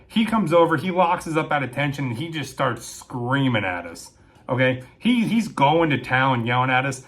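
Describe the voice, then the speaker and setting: A young man telling a story in a casual, animated way. He keeps checking in with his listener through quick asides. His voice sits at a middle pitch. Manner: animated, with frequent "right?" and "okay?" tags.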